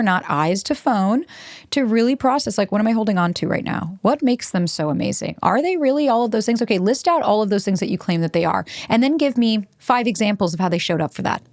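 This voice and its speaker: Fast-talking blunt woman podcast host. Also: mid-range voice, no echo, studio quality. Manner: blunt and profane, acts out quoted voices. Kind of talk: self-help podcast monologue.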